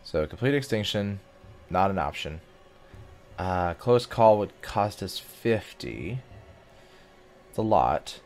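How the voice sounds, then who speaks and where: A man's voice: low voice, big pitch swings, slow pace, pauses often, darkish tone, faint music behind. A man hosting a casual gaming video, chatting and reading game text aloud as he plays. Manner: chatty, reacts aloud and sings snatches of songs.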